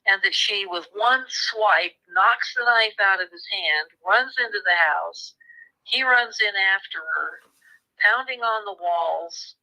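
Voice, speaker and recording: Bright-voiced woman telling a story. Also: medium pitch, poor audio. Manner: animated, acts out quoted voices. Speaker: author guest. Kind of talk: conversational storytelling.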